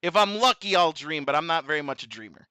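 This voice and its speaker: A man hosting a casual stream chat, goofy and profane, his voice hoarse. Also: on the high side, lively intonation, fast, bright, forceful tone, no room sound, studio quality. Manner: goofy, profane, laughs often. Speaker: vtuber host.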